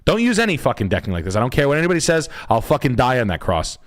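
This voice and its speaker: A man's voice: medium pitch, wildly swooping pitch, rapid-fire. A man hosting a live stream, giving blunt, profane critiques of house listings as a realtor.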